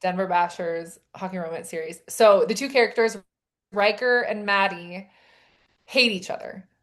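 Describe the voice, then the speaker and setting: Animated woman telling a story. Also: mid-range voice, normal speed. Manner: animated storytelling with frequent "like" and quoted dialogue. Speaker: podcast co-host and romance author. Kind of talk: casual chat.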